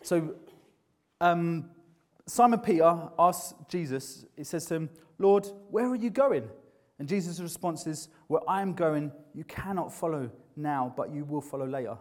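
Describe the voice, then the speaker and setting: A man's voice: a little high, a little slow. A man preaching a sermon in a conversational, earnest way, often restarting his sentences.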